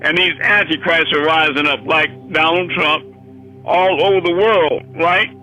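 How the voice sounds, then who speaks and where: A man's voice: fairly high pitch, fairly even intonation, measured pace, pushed and bright, soft background music, rough recording. A man preaching a fiery sermon, swearing freely and hammering rhetorical questions. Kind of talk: impassioned sermon.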